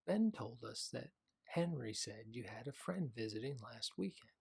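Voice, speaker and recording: A man's voice: medium pitch, expressive, moderate pace, creaky, breathy edge, exaggerated voice. A man voicing an earnest, emphatic father in a children's audiobook. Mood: strained.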